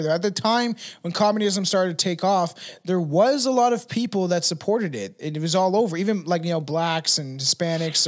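Young man, high-pitched for a guy, from Canada, rambling podcast co-host, lots of ums and laughs. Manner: rambling, laughs often, many fillers. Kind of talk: casual crude chat.

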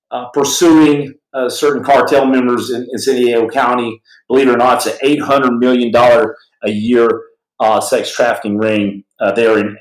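A man's voice: medium pitch, roomy sound, poor audio. A man hosting a podcast, telling a long personal story in a rambling, conversational way with many restarts. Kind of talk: casual spoken storytelling.

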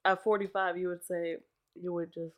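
A woman as a podcast guest, chatting casually and teasing her partner, quick to laugh. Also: on the low side, level tone. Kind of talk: casual chat.

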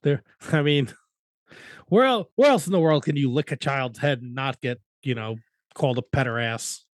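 A man's voice: mid-range voice, normal speed, dry recording, clean studio sound. A man co-hosting a podcast in casual wrestling chat, teasing and swearing freely. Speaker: podcast co-host.

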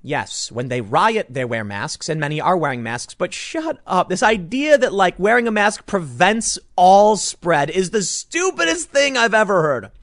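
Animated, combative male political commentator. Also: sits high, moderate pace, hardly any pauses, no room sound, clean studio sound. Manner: combative and sarcastic, with frequent restarts. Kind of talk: opinionated commentary monologue.

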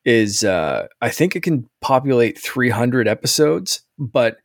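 A man's voice: medium pitch, sing-song, a little slow, vocal fry, no room sound, studio quality. A man co-hosting a podcast who explains things casually, often restarting his sentences. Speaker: podcast co-host.

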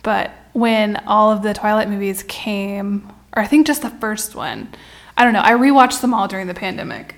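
Young woman podcast host, casual storyteller, husky vocal fry, chatty with fillers. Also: mid-range voice, lively intonation, moderate pace. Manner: chatty, filler-heavy, trailing off.

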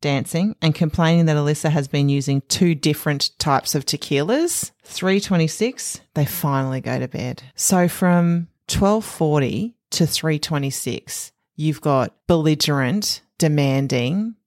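A woman's voice: sits low, a little slow, hardly any pauses, darkish tone, no echo, studio quality. A woman co-hosting a casual recap podcast, chatty and laughing often. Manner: chatty, laughs often, reads out times like a list. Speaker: podcast co-host.

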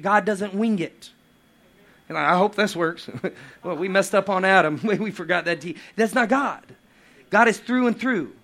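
A man preaching a lively sermon with playful asides and acted quotes. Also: high voice. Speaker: pastor.

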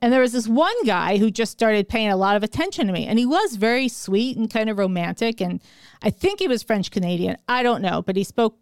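Middle-aged female podcast co-host with a smooth, dry, close sound, telling a lively story. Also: on the high side, no echo. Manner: animated, laughing, acts out quoted lines. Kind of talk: casual storytelling chat.

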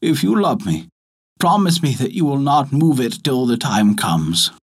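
A man voicing a gentle dying mother in a told folktale, speaking tenderly. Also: medium pitch, sing-song, unhurried, slightly rough, exaggerated voice.

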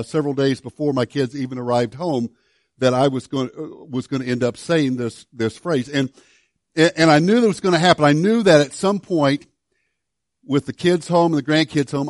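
Older man, pastor, conversational sermon, storytelling, gentle humor, slightly high, dry. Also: no echo.

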